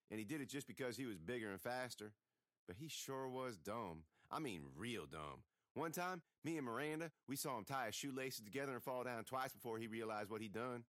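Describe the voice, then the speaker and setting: A man reads a first-person tale with folksy, expressive delivery. His pitch swings widely as he tells it. The sound is dry and close, with no room around it. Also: dry recording. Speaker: audiobook narrator. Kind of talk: first-person storytelling reading.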